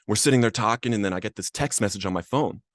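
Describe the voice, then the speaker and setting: A man's voice: on the low side, quick pace, no echo, studio quality. A man hosting a podcast, telling his own addiction recovery story in an earnest, emotional way. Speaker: podcast host. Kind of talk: personal recovery testimony.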